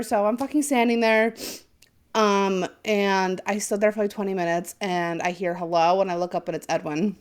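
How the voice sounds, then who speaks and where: Her voice is medium in pitch and fairly quick. As a young podcast co-host, she relates a story in loose conversation, swearing a lot, staying animated, and mimicking the voices of whoever she's quoting.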